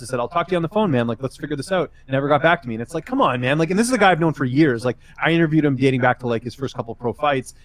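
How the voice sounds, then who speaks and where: A man rattles along at a quick clip, piling up filler words as he tells stories and gives advice on a casual podcast. His voice sits in an ordinary middle pitch and sounds close and dry, with no room around it. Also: no echo. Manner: rambling, filler-heavy storytelling with advice. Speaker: MMA journalist guest.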